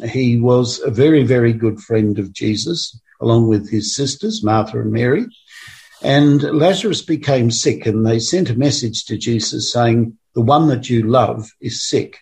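Man, mid-pitched voice, Bible study teacher, conversational retelling of scripture. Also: unhurried, darkish tone. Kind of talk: informal Bible study explanation.

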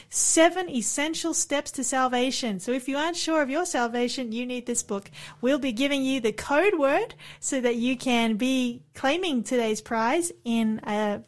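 A woman co-hosting a faith radio show, presenting in an upbeat, polished way. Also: high voice. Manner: upbeat, bright presenter delivery. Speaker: radio co-host. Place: radio studio.

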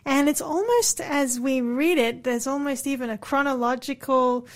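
A woman leading a Bible study on the radio, praying and explaining in an encouraging, affirming way. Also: high voice. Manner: warm, encouraging, quick affirmations. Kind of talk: casual on-air Bible discussion and prayer. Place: radio studio.

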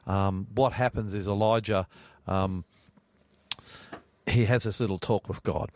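A man's voice: fairly low pitch, steady tone, measured pace. A man hosting a radio Bible study chat, earnest and growing emphatic as he preaches. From Australia. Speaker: radio host.

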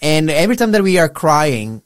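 A man's voice: a little high, big pitch swings, moderate pace, no room sound, clean studio sound. A middle-aged man co-hosting a casual Bible discussion, earnest and reflective in a pastoral way. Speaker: podcast co-host.

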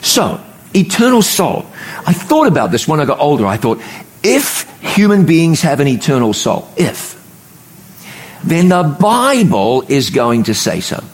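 A middle-aged man preaching a sermon, emphatic, slowing down and pausing to stress key words. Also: on the high side, very animated.

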